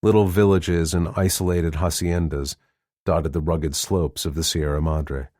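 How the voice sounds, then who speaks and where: Male audiobook narrator, very low voice, measured delivery, dry studio read. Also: dry recording. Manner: measured, even storytelling. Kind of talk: scripted narration.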